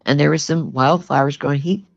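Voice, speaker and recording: This older woman's low voice runs a little fast with fairly even intonation and vocal fry as she relates a personal story as a guest. Plainspoken and earnest, she says "you know" a lot; the sound is dull and lo-fi, with faint music.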